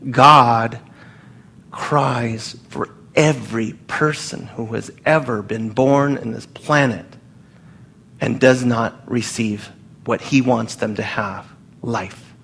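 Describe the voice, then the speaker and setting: A man preaching a sermon to his congregation in an earnest, emphatic way, pausing and restarting as he speaks. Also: medium pitch, gravelly, a bit bright, slight background noise. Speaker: pastor.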